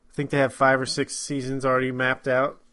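A man's voice: mid-range voice, monotone, fairly quick, bright, forceful tone. Man, podcast co-host, casual movie talk, laid-back, chuckles and trails off.

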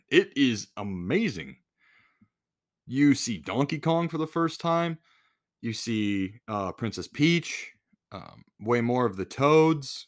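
A man hosting a podcast in a casual solo rant, blunt and full of swearing. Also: fairly low pitch. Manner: profane, blunt, exasperated. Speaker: podcast host.

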